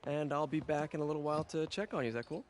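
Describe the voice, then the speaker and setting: A man's voice: fairly high pitch, racing, a little hiss or hum, lightly acted. An actor playing a friendly young man who reassures a newcomer and jokes lightly, in a video game cutscene. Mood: reassuring. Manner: warm, reassuring, joking.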